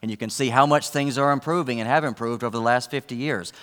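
A man's voice: mid-range voice, quick pace, fairly bright tone, in a large hall. A man preaching a sermon, earnest, with rising emphasis on key points and wry asides. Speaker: pastor.

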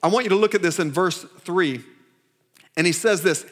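A pastor delivers a sermon in a notably high male voice. He speaks emphatically, repeating phrases and restarting lines. He keeps asking the congregation to answer and repeat after him. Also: lively intonation, moderate pace, a bit bright. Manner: call-and-response with the congregation. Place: church service.

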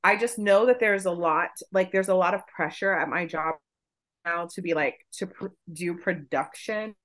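Woman cohost just chatting, lower voice, swears a lot, tells stories all worked up. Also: moderate pace. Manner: profane, animated storytelling. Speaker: podcast co-host. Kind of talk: casual chat.

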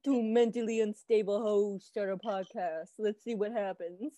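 A woman's voice: medium pitch, fairly even intonation, moderate pace, mellow, no echo. A young woman co-hosting a casual podcast, joking and laughing a lot as she talks. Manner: joking, chaotic, frequent laughter. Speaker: podcast co-host. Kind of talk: casual chat.

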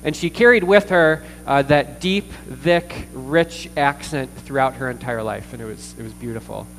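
A man preaching a sermon as pastor, earnest, with pauses, fillers and repeated words. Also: mid-range voice, a bit bright, faint music behind. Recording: distant reverberant hall with mains hum.

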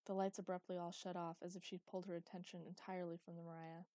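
Mellow-voiced woman narrating a story. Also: on the low side, level tone, fast, dry recording. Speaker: audiobook narrator. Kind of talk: scripted narration.

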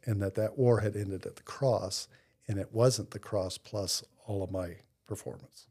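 Male podcast guest, husky and mellow, reflective storyteller. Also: on the low side, fairly even intonation. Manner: earnest, reflective storyteller with slow pauses. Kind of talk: personal faith testimony in conversation.

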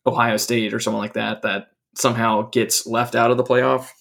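A man's voice: mid-range voice, flat delivery, normal speed, vocal fry, fairly bright tone. A man co-hosting a podcast, chatting casually about college football and hedging his points with lots of fillers. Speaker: podcast co-host. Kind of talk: casual sports chat.

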